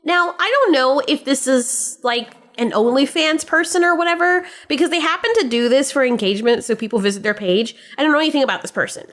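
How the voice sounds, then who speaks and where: Blunt, high-voiced woman ranting. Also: a bit bright. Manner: blunt, sarcastic and profane. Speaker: commentary channel host. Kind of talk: opinion commentary vlog.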